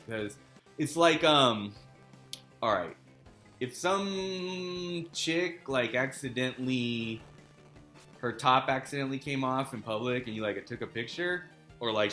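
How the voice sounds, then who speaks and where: Brief: male game streamer, mid pitch, cussing and laughing, echoey room. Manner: swears a lot, laughs often, loud outbursts while playing. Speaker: live streamer. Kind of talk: casual gaming stream chat.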